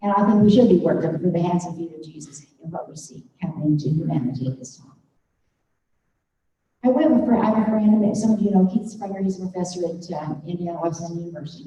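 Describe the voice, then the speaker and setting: An older woman giving an earnest, halting devotional talk to a room of faculty, growing emotional as she speaks. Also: lowish voice, dark tone, a little hiss or hum. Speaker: speaker at a faculty development day. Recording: distant, muffled hall recording.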